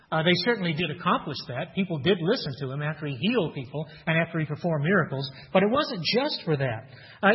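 Man, preacher, sermon, earnest, rhetorical questions, dull lo-fi sound, hall echo. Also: sits high. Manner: earnest teaching tone with rhetorical questions and scripture reading.

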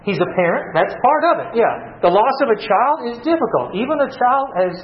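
A man's voice: extremely high pitch, big pitch swings, a little fast, reverberant. Lo-fi recording of a male Bible teacher. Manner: reads scripture aloud with dramatic emphasis, repeats words. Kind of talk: Bible study teaching with class questions. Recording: muffled lo-fi recording.

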